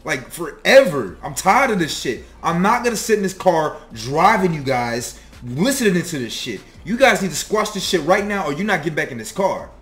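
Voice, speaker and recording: A fed-up young man behind the wheel, loud and scolding, his voice pushed up high as he lays down the law, as a storyteller puts him on. The talk is blunt and profane. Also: very animated, moderate pace, hardly any pauses.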